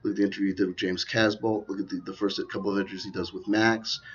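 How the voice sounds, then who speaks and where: A man's voice: low-pitched, flat delivery, fast, husky. A man delivering a rambling, sardonic commentary with frequent asides, recorded in a dull lo-fi quality. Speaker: video commentator. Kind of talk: rambling conspiracy commentary vlog.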